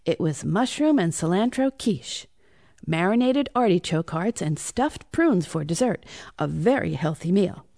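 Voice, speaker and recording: Animated woman reading a bedtime story. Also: fairly low pitch, unhurried, gravelly, dry recording, studio quality. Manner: animated, hushed asides.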